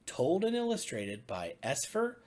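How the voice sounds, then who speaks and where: A man, a pastor, reading a bedtime story to children in an expressive, sing-song way. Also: a little high, unhurried.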